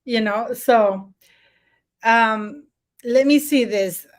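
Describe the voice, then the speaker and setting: A woman hosting her own live stream, chatting loosely to viewers in a rambling, stop-start way. Her voice sits a little high for a woman, and she breaks into laughter now and then. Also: extremely slow. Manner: rambling, many fillers and restarts, frequent laughter. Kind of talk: casual live stream chat.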